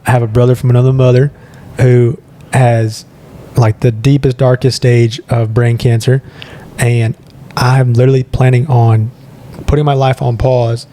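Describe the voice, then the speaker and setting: A man's voice: medium pitch, dark tone, a little hiss or hum. A young man co-hosting a podcast in casual chat, rambling and earnest, laughing between thoughts. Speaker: podcast co-host.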